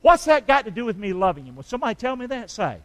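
High, animated middle-aged preacher man. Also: rapid-fire, no room sound, rough recording. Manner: call-and-response preaching, asking the congregation for amens. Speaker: pastor. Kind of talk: sermon.

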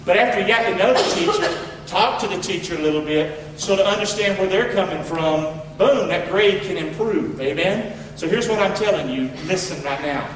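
A man preaching a sermon in a folksy, preacherly way that rises to shouts, recorded from far off in an echoey hall. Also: high voice, animated, moderate pace, noisy background. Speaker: pastor.

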